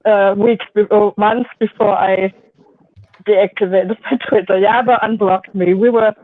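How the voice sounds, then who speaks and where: A man's voice: high-pitched, fairly even intonation, unhurried, no room sound. A man from Germany, chatting hesitantly on a live stream with many fillers. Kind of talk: casual live-stream chat. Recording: thin phone-like call audio.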